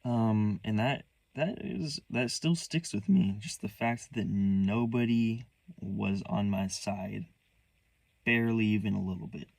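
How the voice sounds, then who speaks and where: A young man with a lowish voice and plenty of vocal fry tells a personal story straight into the mic. His delivery is halting and earnest, full of restarts, with a hurt undertone. The sound is close and dry, with no room around it. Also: darkish tone, no echo. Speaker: vlogger.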